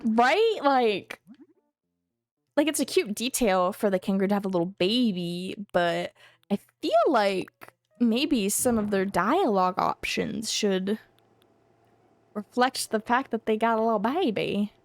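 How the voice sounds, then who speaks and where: A woman's voice: mid-range voice, expressive, measured pace, no echo, faint music behind. Young woman streaming at home, just chattering away, hums little tunes, giggles, dry sound. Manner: thinks aloud, rambling, hums and giggles to herself. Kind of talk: casual live-stream chatter while playing.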